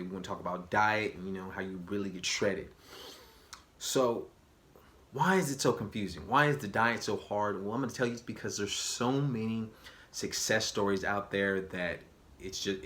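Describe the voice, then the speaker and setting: A man's voice: sits low, a bit bright, a little hiss or hum. A man talking straight to camera on his own channel in a casual, slangy, emphatic way. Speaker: vlogger. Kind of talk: casual direct-to-camera talk.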